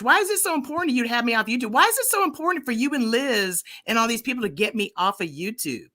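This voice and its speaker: A woman's voice: on the high side, animated, quick pace, hardly any pauses, pushed and bright. An American woman hosting a livestream, arguing in a profane, confrontational way and repeating herself. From United States. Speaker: livestream host. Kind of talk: heated livestream argument.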